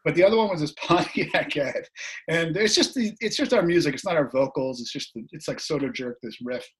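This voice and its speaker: A middle-aged man, a musician guest, telling a story in casual chat, laughing often and acting out the voices he quotes, his voice slightly rough. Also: a little high, brisk.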